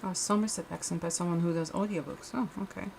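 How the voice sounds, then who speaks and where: A woman's voice: on the low side, quick pace, vocal fry, a little mellow, a little hiss or hum. A young adult woman chatting casually as she crafts on a livestream, rambling with frequent restarts and fillers. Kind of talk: casual chat while crafting.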